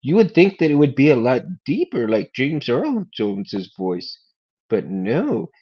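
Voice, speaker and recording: A man's voice: medium pitch, very animated, a little slow, breathy edge, highs cut off. A man hosting a casual chat, rambling, repeating his words and laughing often. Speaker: host.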